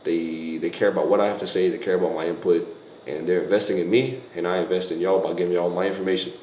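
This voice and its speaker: A man's voice: deep voice, steady tone, quick pace, darkish tone. A young man hosting a casual vlog, answering viewer questions in a rambling, self-correcting way and laughing often. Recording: echoey room, faint background noise.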